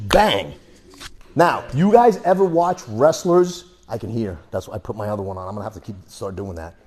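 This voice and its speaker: A man's voice: medium pitch, a little mellow. A man instructing a martial arts class through a worn mic, telling stories and punching out sound effects as he demonstrates moves. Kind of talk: teaching a class. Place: training room.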